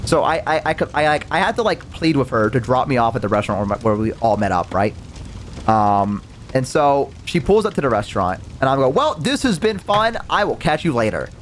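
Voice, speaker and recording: A young VTuber storyteller tells a casual story at a brisk clip, animated and acting out the voices, with plenty of fillers and offhand swearing. His voice is mid-range, and there's a little hiss or hum.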